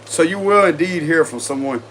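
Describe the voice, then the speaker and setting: Man, Cajun accent, casual tarot reader, confident and repetitive, slightly high pitch, faint noise. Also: expressive, normal speed, fairly bright tone. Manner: chatty, confident, repeats himself.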